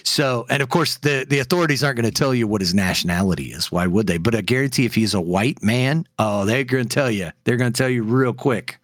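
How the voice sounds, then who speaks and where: Podcast co-host, male, mid-pitched, heated ranting delivery, lots of fillers, dry close sound. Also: quick pace, few pauses, fairly bright tone, no room sound. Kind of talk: casual opinionated chat.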